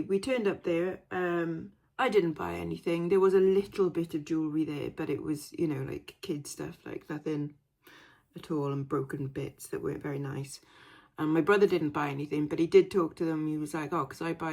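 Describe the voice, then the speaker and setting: A woman's voice: low voice, gravelly, darkish tone. A young woman chatting casually to camera in a rambling vlog, full of fillers and asides. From Wales. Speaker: resale vlogger.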